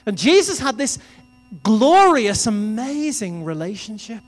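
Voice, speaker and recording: High-voiced man preaching in a hall. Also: big pitch swings, a little slow. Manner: conversational storytelling preaching. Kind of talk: sermon. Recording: reverberant hall with music behind.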